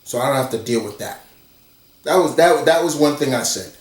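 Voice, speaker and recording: A man's voice: mid-range voice, animated, fairly quick. A man ranting bluntly and profanely in an exasperated movie commentary vlog. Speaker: commentary vlogger. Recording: roomy echo, far from the mic.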